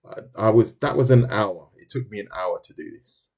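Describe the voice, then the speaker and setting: A man from London with a deep, low-pitched voice and a London accent chats casually while sketching on a live stream, animated and at a moderate pace. He talks his process through out loud, reads and reacts to viewer comments, and restarts sentences often.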